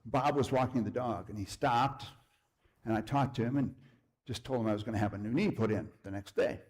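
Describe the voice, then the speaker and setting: Husky-voiced man telling a story. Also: mid-range voice, a little fast. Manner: storytelling with lively shifts, drops to a hush. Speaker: guest speaker. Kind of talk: sermon testimony. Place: church.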